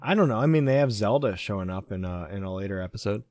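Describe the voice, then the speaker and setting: A man's voice: on the low side, lively intonation, fast, a little mellow, dry recording. A man co-hosting a podcast, chatting bluntly with dry, wry asides. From United States. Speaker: podcast co-host. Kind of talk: casual chat.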